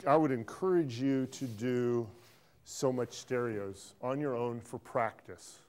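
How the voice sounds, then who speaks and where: A man's voice: medium pitch, takes it slowly, darkish tone. A middle-aged man lecturing an accounting class, playful and teasing, quizzing students and repeating his praise. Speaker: accounting professor.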